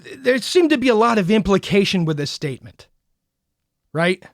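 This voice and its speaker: A man's voice: high voice, sing-song, moderate pace, dry recording, clean studio sound. A man co-hosting a podcast, telling a story in casual chat and acting out the quoted lines with animation. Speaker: podcast co-host.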